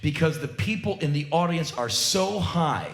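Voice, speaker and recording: A man in his forties giving an animated live spoken word monologue on a theater stage, with sudden loud outbursts. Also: a little high, moderate pace. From United States. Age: 40s. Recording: roomy live theater sound.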